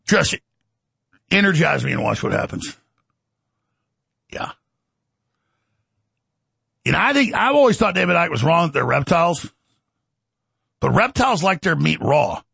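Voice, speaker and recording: A man hosting a show, ranting rapidly through political commentary and breaking into mocking impressions. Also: on the high side, big pitch swings, gravelly, sharp tone, husky, no echo. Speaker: host.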